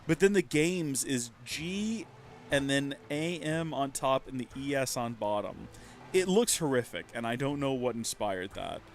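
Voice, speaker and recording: A man's voice: mid-range voice, lively intonation, measured pace, a little hiss or hum. Chatty rambling streamer guy. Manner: chatty, rambling, self-mocking. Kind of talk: casual let's-play commentary.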